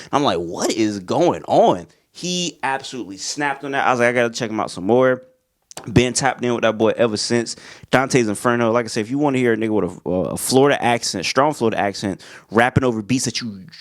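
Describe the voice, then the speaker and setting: A young man talking casually about albums he likes, loose and excitable, full of slang, and now and then singing along to the songs. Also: mid-range voice. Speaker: music reviewer. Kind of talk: casual album review talk.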